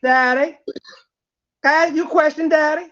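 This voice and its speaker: A woman's voice: high-pitched, fairly even intonation, brisk, fairly bright tone, dull audio. A woman voicing a brash, flirty female pig in a wig in a game role-play, clingy and calling everyone daddy. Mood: pleading.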